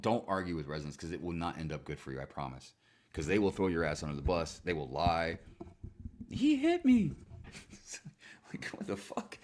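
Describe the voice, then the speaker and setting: Profane, animated ranting man. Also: extremely low pitch. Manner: profane, animated storytelling with frequent swearing and fillers. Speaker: streamer. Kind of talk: casual ranting monologue.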